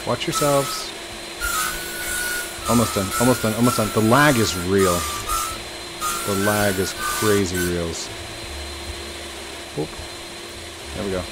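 A man's voice: on the low side, steady tone, slow, pauses often, very noisy. A young man chatting playfully while playing a building game, laughing often and talking to his viewers. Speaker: gaming YouTuber. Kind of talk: casual gameplay commentary.

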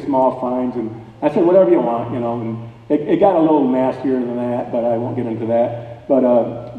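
Folksy man telling a story in an echoey hall. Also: mid-range voice. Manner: animated, folksy storytelling with plain colloquial grammar. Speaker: guest speaker. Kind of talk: telling a personal story to an audience. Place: church hall at a dinner event. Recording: distant, echoey hall, thin phone-like sound.

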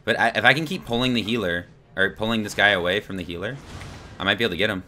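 A young man giving live, excitable gameplay commentary to his chat, swearing and laughing as he plays. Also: lowish voice, racing, a little hiss or hum. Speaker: streamer.

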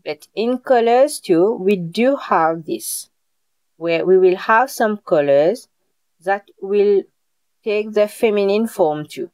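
A woman whose first language is French teaches a live online beginner class over a video call microphone. Her voice is medium-pitched, expressive, slow and darkish, recorded dry, and she patiently repeats points while checking in with "Okay?"

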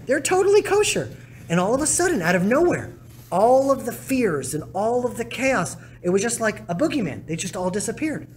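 A rabbi speaking to a congregation, telling stories in an animated way and acting out quotes with big swings in pitch and loudness. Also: male voice, a little fast, breathy edge. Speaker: rabbi giving a talk. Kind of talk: storytelling talk to a congregation. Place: synagogue congregation hall.

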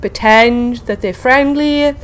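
A woman hosting a casual game video, chatting excitedly to viewers and talking to the creatures she meets. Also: on the high side, a little slow. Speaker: gaming video host. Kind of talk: casual let's-play commentary.

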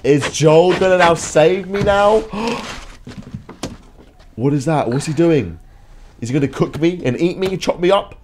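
A young man reacts loudly as he plays a game, his pitch swinging wildly from low grumbles to high yelps. He swears often, and a steady hiss runs under his voice. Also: takes it slowly. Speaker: gaming YouTuber. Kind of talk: let's play commentary.

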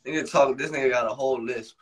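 A man's voice: medium pitch, steady tone, racing, rough recording. A man in casual banter, teasing his friend in a laid-back, slangy way.

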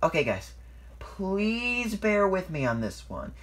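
Man doing a jumpy young tank engine, husky, higher pitched, lively swings in tone. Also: slow, heavily acted. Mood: excited.

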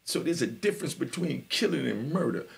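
A man's voice: medium pitch, animated, fairly quick, gravelly. A man from Jamaica, hosting a live podcast and telling his life story in a street-talk style, often checking that listeners understand. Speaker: podcast host.

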